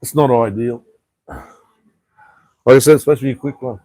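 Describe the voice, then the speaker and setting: This man hosts a rambling, casual live stream from an outdoor rooftop bar, cursing freely and reading viewers' comments aloud. His mellow, medium-pitched voice moves fairly quickly, and the recording is dry.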